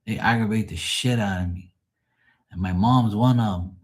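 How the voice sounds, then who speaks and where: A man's voice: fairly low pitch, normal speed. A middle-aged man venting on a live call in a profane, rambling, exasperated way. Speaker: caller on a live tarot stream. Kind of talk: casual venting.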